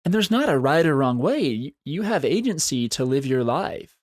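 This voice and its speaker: A man's voice: on the high side, sing-song, normal speed, dry recording. Earnest encouraging man, dry close sound. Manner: earnest, encouraging, repeats phrases for emphasis. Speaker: podcast host. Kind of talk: solo motivational podcast talk.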